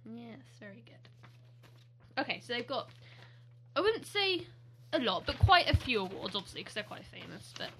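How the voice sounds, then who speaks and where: Giggly British woman, bright voice. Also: a little high, very animated, normal speed, long pauses, slight background noise. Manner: giggly, chatty, rambling. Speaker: podcast co-host. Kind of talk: casual chat.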